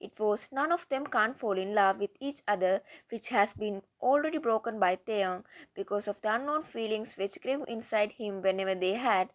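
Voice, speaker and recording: A woman's voice: medium pitch, moderate pace, no echo. Woman narrating a romance story. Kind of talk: reading a fan fiction story aloud.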